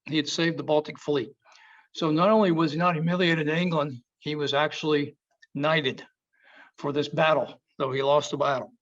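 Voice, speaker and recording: A man with a somewhat high voice tells history at a museum talk, leaning hard on the dramatic moments. His emphatic storytelling comes through a muffled, lo-fi recording. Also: fairly even intonation, normal speed, fairly bright tone. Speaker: museum speaker. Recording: dull lo-fi sound.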